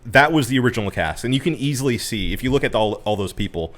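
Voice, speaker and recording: A man's voice: mid-range voice, lively intonation, fast talker, fairly bright tone. A young man co-hosting a casual movie podcast who reads from his notes, apologizes often, and keeps dropping in short agreements. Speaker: podcast co-host. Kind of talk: casual movie review chat.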